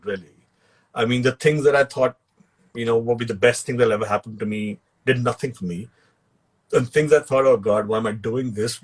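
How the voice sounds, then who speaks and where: A man's voice: medium pitch, slightly rough. A man with an Indian English accent, a guest actor and author on a video call, telling funny stories with laughs and bits of Hindi. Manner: laughs while telling anecdotes, mixes in Hindi phrases. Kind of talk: relaxed storytelling in an interview.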